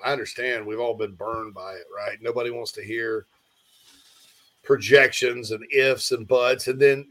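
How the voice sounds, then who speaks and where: A man with a mid-range voice hosts a casual live-stream sports talk show, rambling and animated as he reads viewer comments. He yawns and seems distracted.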